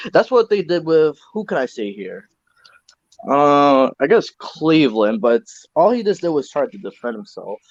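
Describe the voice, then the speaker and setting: A young man co-hosting a casual podcast chat, relaxed and chatty with loose asides. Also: medium pitch, no room sound. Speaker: co-host. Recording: dull lo-fi recording.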